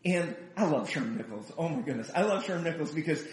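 High-voiced man preaching in a roomy hall. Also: brisk. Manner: animated, chatty storyteller who acts out quotes. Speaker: pastor. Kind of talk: storytelling sermon. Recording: roomy echo.

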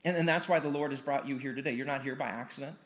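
A man's voice: medium pitch, rapid-fire, fairly bright tone. A male pastor from Missouri, preaching a conversational sermon in a church and repeating words as he builds emphasis. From Missouri, USA. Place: church hall, streamed online.

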